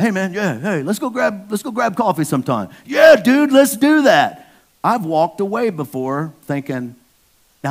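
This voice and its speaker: A man preaching a casual sermon, slangy and joking, talking straight to the congregation. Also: a little high. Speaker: pastor.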